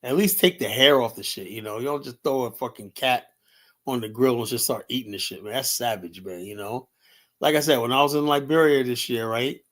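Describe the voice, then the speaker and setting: A man's voice: mid-range voice, fairly quick, fairly bright tone. A man hosting a livestream and talking casually in a rambling, profane way, with many fillers. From United States. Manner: profane, rambling, full of "you know" and "man". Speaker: livestream host.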